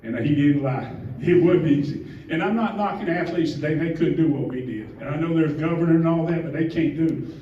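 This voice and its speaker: A man's voice: fairly high pitch, a little fast, few pauses, a little hiss or hum. A middle-aged man giving a heartfelt, rambling acceptance speech at an event, joking about himself and getting emotional. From Georgia. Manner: rambling, heartfelt, self-deprecating. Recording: distant roomy mic with muffled sound.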